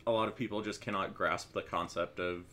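A man's voice: sits low, steady tone, brisk, pushed and bright, a little hiss or hum. A man co-hosting a podcast, speaking in an earnest, agreeing, conversational way.

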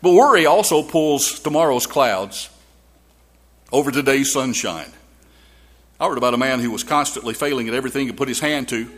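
A man's voice: medium pitch, normal speed, a bit bright. A man preaching a sermon in a church, telling a folksy story with frequent restarts and repeated words.

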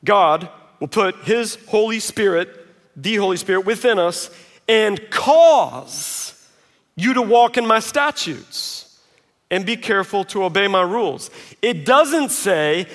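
High-voiced man preaching in a big hall. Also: slow pace. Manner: conversational, self-mocking, animated quoting. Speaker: pastor. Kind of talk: sermon. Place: large auditorium. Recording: long reverb of a large hall.

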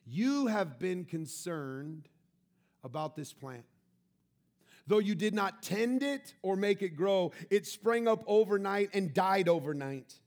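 A man preaching a sermon, reading scripture and acting out the characters, with laughter and sudden loud bursts. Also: high-pitched. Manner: animated, acts out the scripture with shouts and laughter. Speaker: pastor.

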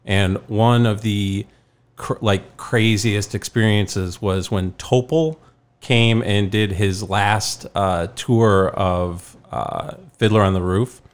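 A man's voice: lowish voice, takes it slowly, smooth. Rambling, laughing podcast storyteller man. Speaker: podcast co-host. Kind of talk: casual storytelling chat.

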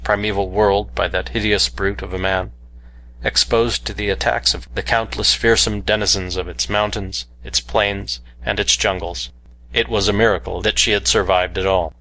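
A man's voice: on the low side, bright, forceful tone, rough recording. A man reading an adventure novel aloud with earnest, dramatic storytelling. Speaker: narrator. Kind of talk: audiobook narration of an adventure novel.

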